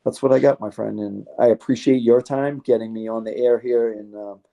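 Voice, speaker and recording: A man's voice: medium pitch, steady tone, brisk, gravelly, warm tone, highs cut off. A man, a fighter being interviewed, talking in a rambling, heartfelt way and swearing casually.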